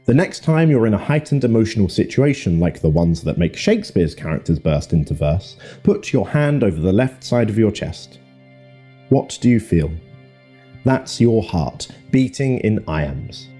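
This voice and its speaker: A man giving scripted narration for an educational video, with a measured, clear explanatory delivery. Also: fairly low pitch, sing-song, dark tone, soft background music.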